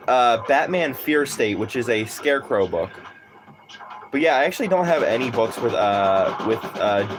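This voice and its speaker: A man's voice: medium pitch, background noise. A man chatting casually on a livestream, rambling and swearing, full of fillers and laughing asides.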